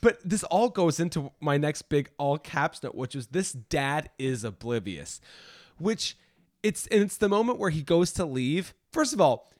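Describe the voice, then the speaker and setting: A woman co-hosting a podcast in casual chat about a movie, animated and laughing, with rambling restarts. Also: sits low, unhurried. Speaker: podcast co-host.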